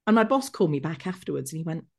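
A middle-aged woman, an executive coach telling stories from her career as a podcast guest, animated and quick to act out remembered conversations. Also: deep voice, gravelly. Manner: lively, acts out remembered dialogue. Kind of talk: podcast interview storytelling.

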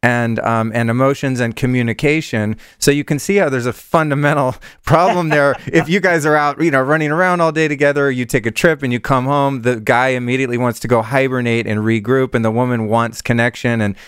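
Smooth-voiced man host, dry sound. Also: mid-range voice, fairly even intonation, fairly quick, few pauses, fairly bright tone, no echo. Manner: candid, shares personal stories. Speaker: podcast host. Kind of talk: casual interview talk.

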